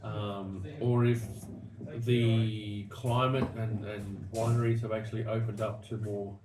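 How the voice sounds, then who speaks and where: A man's voice: fairly low pitch, little pitch movement, takes it slowly. A man with an Australian accent hosting a casual wine-tasting chat, rambling through stories with many restarts. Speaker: wine show host. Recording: echoey room, distant mic, noisy.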